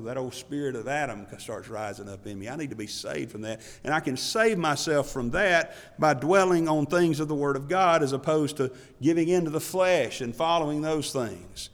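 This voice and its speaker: A man's voice: on the high side, big-room sound. A man preaching a sermon from the pulpit, emphatic, repeating his questions and chuckling now and then. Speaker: pastor. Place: church pulpit.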